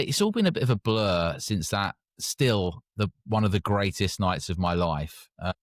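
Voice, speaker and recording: A man with a fairly low voice, chatting casually as a podcast co-host. He often drifts off mid-phrase and starts again. He is recorded dry and close. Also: expressive, moderate pace, dry recording. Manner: chatty, trails off and restarts. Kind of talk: casual chat.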